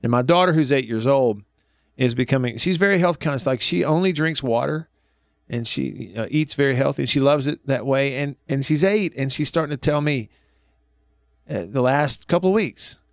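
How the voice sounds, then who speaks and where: A man's voice: mid-range voice, normal speed, no room sound, studio quality. A man in his thirties hosting a radio talk show, telling folksy family stories and laughing often.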